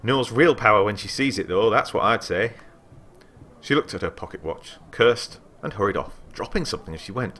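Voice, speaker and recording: Male let's play host, deep, bright-edged, animated reader. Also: fairly quick, slight background noise. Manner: excitable, animated, reads aloud with asides. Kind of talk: let's play commentary and reading game text.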